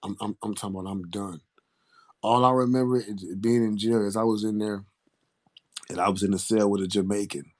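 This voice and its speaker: A man's voice: on the low side, steady tone, a little fast, darkish tone. Laid-back man telling a story. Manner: laid-back, profane, laughing. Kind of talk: casual storytelling.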